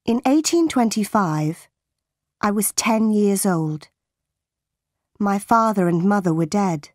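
Slow, clear woman narrating a storybook. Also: medium pitch, expressive, a little mellow, dry recording, studio quality. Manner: slow, clear and carefully paced. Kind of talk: scripted audiobook narration for English learners.

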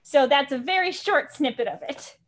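This is a young adult woman teaching dog training in a live online class. Her voice sits high, and she explains each step in a chatty, upbeat way. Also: expressive, moderate pace.

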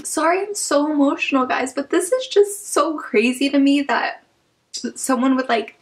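A young woman from Kansas with a slightly high voice talks through her fan mail in a casual vlog. She gushes and gets emotional, and she fills her sentences with "like". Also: animated, normal speed, rough recording. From Wichita, Kansas. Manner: gushing, emotional, many "like" fillers. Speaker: YouTube channel host.

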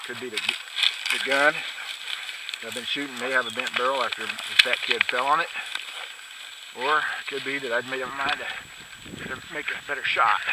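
A man out hunting with his dogs, shouting short commands to them and talking quietly to his camera. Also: heavy background noise. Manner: shouts dog commands, then talks low and quietly to the camera. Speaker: hunter filming his dogs. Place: outdoors in snowy rural fields.

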